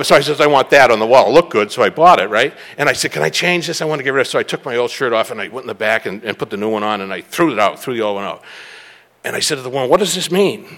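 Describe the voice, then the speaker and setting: Man, middle-aged, from the Boston area, recovery meeting speaker, rambling storyteller, bright tense tone. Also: medium pitch, expressive, fast, long reverb tail. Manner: rambling, self-mocking storyteller with restarts. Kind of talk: personal testimony talk.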